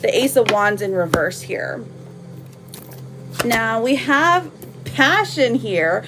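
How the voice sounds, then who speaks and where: A woman's voice: a little high, animated, takes it slowly, music in the background. Chatty woman reading tarot live. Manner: chatty, friendly, full of fillers and slang. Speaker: tarot reader hosting a live stream. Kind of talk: casual live-stream chat.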